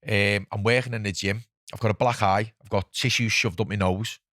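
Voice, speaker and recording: Scouse bloke in his 40s, swearing nonstop, lively storytelling, dry close sound. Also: lowish voice, brisk, no room sound. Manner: swears constantly, animated retelling with quoted voices. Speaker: podcast host. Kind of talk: casual storytelling.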